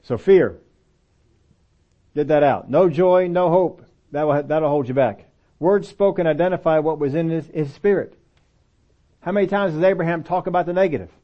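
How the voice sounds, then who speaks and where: A male preacher giving a casual, animated sermon, acting out little dialogues and telling stories from his own working life. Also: a little high, normal speed, pauses often. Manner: animated, acts out dialogue voices. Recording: dull, lo-fi audio recording.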